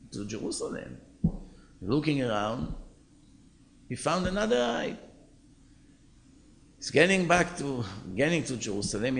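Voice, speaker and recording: A man, a rabbi, telling a story as an animated storyteller in a sermon. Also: on the high side, vocal fry.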